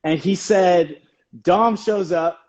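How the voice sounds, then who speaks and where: A man's voice: high-pitched, takes it slowly, a little mellow. Chatty male host, lo-fi livestream audio. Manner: friendly, leading questions, fillers. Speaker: radio host. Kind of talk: casual interview. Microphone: phone on a video call.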